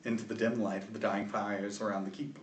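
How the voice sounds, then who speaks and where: A man narrating as game master of a tabletop game, lively and halting with fillers, recorded in an echoey room from a distant mic with faint noise. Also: on the low side.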